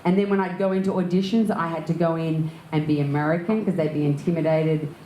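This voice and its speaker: Lively Australian woman telling stories, roomy hall. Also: low voice, quick pace, a little hiss or hum. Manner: lively, laughs often while telling anecdotes. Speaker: actor and director, interview guest. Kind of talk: candid storytelling in an onstage conversation.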